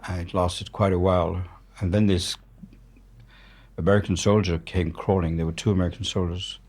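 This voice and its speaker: Here a French war journalist in his seventies, a guest, recounts candid stories in English with a French accent. His low, darkish, slightly rough voice has a flat delivery at normal speed, and he's blunt and matter-of-fact, swearing freely.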